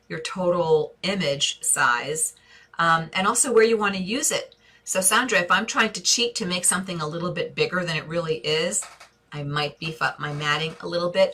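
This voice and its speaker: A woman's voice: low voice, bright, forceful tone. A woman with a New York accent hosting a live stream, chatting through viewer questions in an effusive, think-aloud way. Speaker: interior design host answering viewer questions.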